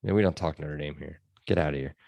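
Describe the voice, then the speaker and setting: A man's voice: extremely low pitch, quick pace, vocal fry, warm tone, dry recording. A man hosting a casual sports podcast, chatty and loose with lots of fillers. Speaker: podcast host.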